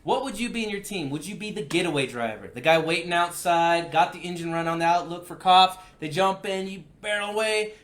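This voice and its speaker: A man co-hosting a casual movie podcast, laid-back and quick to laugh. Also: high voice, fairly bright tone. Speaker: podcast co-host. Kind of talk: casual chat.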